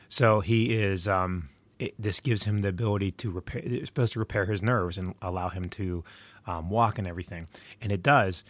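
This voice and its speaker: A man's voice: sits low, fairly bright tone, dry recording. A middle-aged man giving movie recommendations in a casual, rambling monologue full of digressions and stories. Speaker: movie reviewer.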